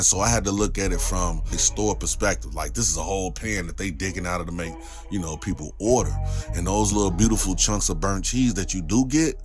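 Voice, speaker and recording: A man hosting a casual food review vlog from a home kitchen. He talks in a laid-back, chatty way and keeps checking in with asides to his viewers. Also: low voice. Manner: laid-back and chatty, with frequent "you know what I'm saying" asides. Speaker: cooking show host. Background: music playing.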